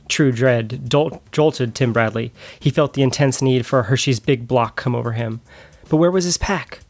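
Brief: male narrator, mid voice, steady storybook read. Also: mid-range voice, normal speed. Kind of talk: dramatic reading of a novel.

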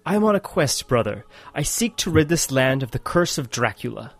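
A man voicing an earnest, heroic hunter with a steady, slightly formal delivery while reading a storybook aloud. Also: mid-range voice, fairly quick, vocal fry.

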